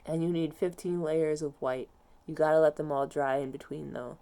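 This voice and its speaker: A non-binary young adult venting casually to camera in a quiet, dejected, halting voice, low and depressed. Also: steady tone. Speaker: vlogger.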